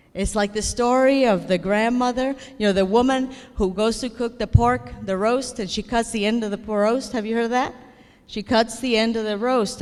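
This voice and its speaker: Woman telling stories in a hall. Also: a little high. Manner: storytelling, playful, self-deprecating. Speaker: keynote speaker and comedian. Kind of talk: comedic keynote speech. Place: large hall before an audience. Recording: long hall reverb.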